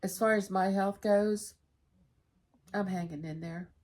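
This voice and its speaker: A woman's voice: medium pitch, fairly even intonation, measured pace, a little mellow. A middle-aged woman chatting candidly to camera in a home vlog, telling stories about her everyday life. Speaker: vlogger. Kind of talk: casual chat to camera.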